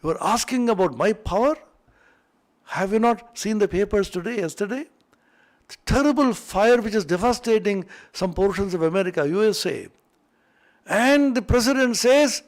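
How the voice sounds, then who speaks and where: A proud male fire god, quick to anger and bragging of all he can burn, as a male teacher acts him out in a story. His indignant voice rides fairly high for a man. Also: expressive, gravelly, exaggerated voice. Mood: boastful outrage. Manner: boastful, indignant.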